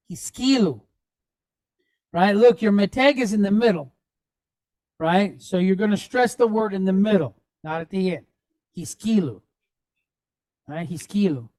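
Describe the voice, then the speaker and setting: Slow, patient woman teaching reading. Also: medium pitch, darkish tone, no room sound. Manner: patient, spells out vowel points step by step; checks in with frequent "right?". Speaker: Hebrew teacher. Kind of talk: classroom reading lesson.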